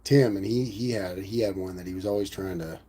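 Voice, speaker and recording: A man's voice: deep voice, brisk, warm tone, husky. Laid-back man reading his stream chat. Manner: laid-back, rambling, says "man" a lot. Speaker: livestream host reading chat. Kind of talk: casual livestream chat.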